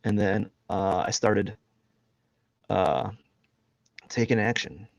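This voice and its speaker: Speaking slowly and steadily with some vocal fry, this man has a fairly low voice, recorded dry through headphones and a desk mic. He's an artist on a live drawing stream, rambling casually, cracking jokes, often laughing and making fun of himself.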